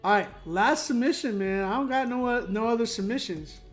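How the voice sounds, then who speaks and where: A man's voice: very high-pitched, fairly quick, soft background music. Laid-back young man critiquing beats. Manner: laid-back, rambling, many fillers. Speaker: music producer and critique show host. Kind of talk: casual live critique.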